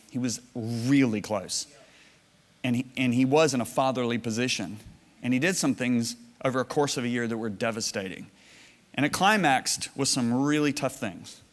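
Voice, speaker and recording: Man preaching in an echoey hall. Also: mid-range voice. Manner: storytelling, animated, with laughs and acted-out quotes. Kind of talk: sermon. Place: church or conference hall. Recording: reverberant hall.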